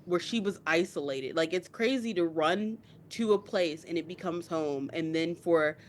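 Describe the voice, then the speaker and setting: A woman's voice: on the low side, moderate pace, a little hiss or hum. Young woman podcast co-host, teary, intense casual chat. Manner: emotional, builds to tearful outbursts. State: crying.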